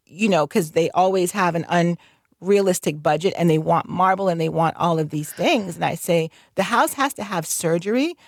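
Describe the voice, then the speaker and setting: A woman's voice: fairly low pitch, moderate pace, no room sound, studio quality. A woman who works as a licensed general contractor, talking candidly in a radio interview, chatty and laughing often, with many fillers. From North Carolina.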